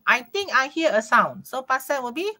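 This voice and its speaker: Lively bright-voiced woman teaching English. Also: high-pitched, normal speed. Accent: Malaysian English. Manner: encouraging, explains grammar step by step. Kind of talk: live online tutoring lesson.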